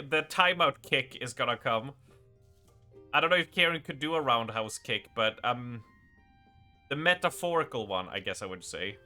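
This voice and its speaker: A male streamer rambles and jokes with his live chat in a very bright, forceful, slightly high voice. Faint music plays underneath. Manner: joking, rambling, often laughing at himself. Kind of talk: casual live-stream chat while gaming.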